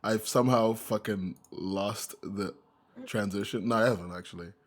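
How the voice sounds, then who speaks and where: A man's voice: fairly low pitch, moderate pace. A young man co-hosting a casual podcast, joking, swearing and laughing often. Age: young adult. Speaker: podcast co-host.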